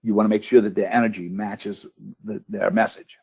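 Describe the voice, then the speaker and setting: A man's voice: fairly low pitch, flat delivery, a little fast, creaky, darkish tone, breathy edge, muffled recording. Man running through judging questions. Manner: asks a string of checklist questions, with restarts. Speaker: webinar trainer for contest judges. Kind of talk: instructional webinar talk. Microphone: computer microphone on a webinar call.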